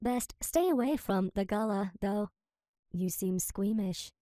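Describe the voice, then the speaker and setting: A woman's voice: medium pitch, expressive, a little slow, warm tone, no room sound, studio quality, lightly acted. A woman voicing a sweetly menacing, childlike female machine who sounds mock-innocent and coldly polite. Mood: coldly calm. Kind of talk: reading character lines with spoken stage directions.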